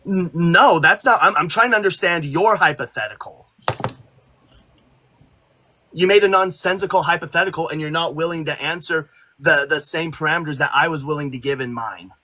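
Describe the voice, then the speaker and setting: A man's voice: fairly high pitch, moderate pace, sharp tone. A man arguing on a live online debate call, insistent and repeating his points.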